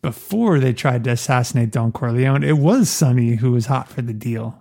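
A man's voice: medium pitch, normal speed, warm tone. A man co-hosting a podcast, chatting casually about a film, laughing often. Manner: laughs often, quotes lines in gruff put-on voices. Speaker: podcast co-host.

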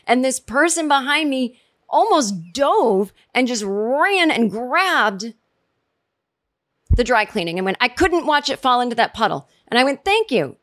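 A woman hosting a podcast, chatting casually and animatedly, jumping into high voices when she quotes people. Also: expressive, unhurried, fairly bright tone, dry recording, clean studio sound. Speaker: podcast host recapping a TV episode. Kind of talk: casual chat.

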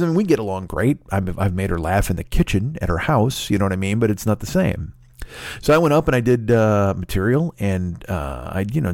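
A man's voice: fairly low pitch, vocal fry, a little mellow, no echo. A man hosting a podcast, telling a story in a casual, profane, rambling way, full of restarts. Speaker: podcast host. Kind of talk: casual monologue.

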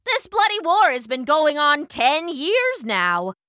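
Woman reading a scoffy greek soldier guy, bright voice, dry sound. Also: sits high, sing-song, takes it slowly, dry recording, voice pushed up, heavily acted. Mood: scornful. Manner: scoffing, dismissive. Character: scornful male Greek soldier.

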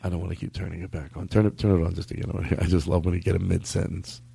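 A man's voice: low voice, level tone, racing, creaky, mellow, slightly rough, no room sound, faint music behind. A man hosting a podcast, rambling and laughing easily, often repeating himself. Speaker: podcast host. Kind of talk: casual podcast chat.

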